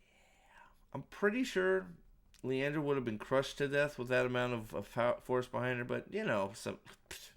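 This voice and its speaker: Watching a show, a man in the role of reviewer riffs sarcastically over the playback, ridiculing scenes and cursing without restraint. He has a mid-range, creaky voice and speaks at a normal pace.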